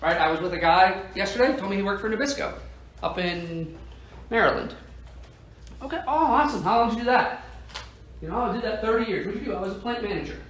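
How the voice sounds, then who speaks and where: Animated and fast with long pauses, a man with a high, fairly bright voice gives insurance agents a motivational sales talk. He's emphatic and keeps asking "right?" to the audience. Heard from a distance in an echoey room, with a little hiss or hum.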